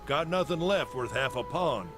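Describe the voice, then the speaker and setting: A man voicing a gruff caravan master over music. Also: on the high side, lively intonation, moderate pace, close to an everyday voice. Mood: dismissive. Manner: blunt, folksy warnings in rough frontier speech. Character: gruff male caravan master, weathered frontier veteran. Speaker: caravan leader. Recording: game audio under music. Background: game music.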